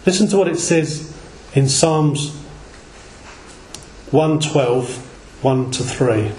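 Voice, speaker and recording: Slow, deliberate preacher man, echoey room. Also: mid-range voice, darkish tone, slight background noise. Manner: slow, deliberate reading with stumbles and self-corrections. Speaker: lay preacher. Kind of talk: sermon with scripture reading. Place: small gathering in a reverberant room.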